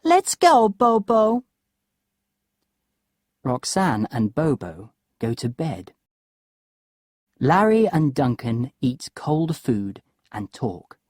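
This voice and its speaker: Slow, low-voiced woman storyteller. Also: sing-song, a little mellow, no room sound, clean studio sound. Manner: slow, clear and deliberate. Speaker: narrator. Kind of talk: slow storybook narration for English learners.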